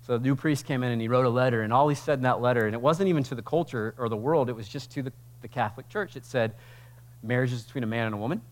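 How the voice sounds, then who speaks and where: Man preaching with rising passion. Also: medium pitch. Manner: conversational preaching that swells into loud, slow emphatic passages. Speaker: pastor. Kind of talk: sermon. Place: church sanctuary.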